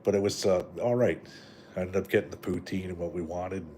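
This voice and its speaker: This is casual, rambling live-stream chat from a middle-aged Canadian man whose voice sits low, steady and warm. He speaks briskly, swears, piles on fillers and keeps asking "right?", with a touch of background noise.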